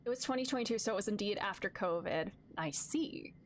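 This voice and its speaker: A woman's voice: mid-range voice, lively intonation, fairly quick, slight background noise. Chatty female game streamer. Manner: chatty, joking asides. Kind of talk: casual game let's-play commentary.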